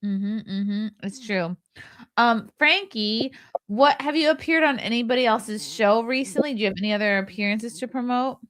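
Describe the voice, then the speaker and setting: A woman hosting a podcast in casual panel chat, bubbly and teasing, quick to laugh. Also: on the high side, fairly bright tone. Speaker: podcast host.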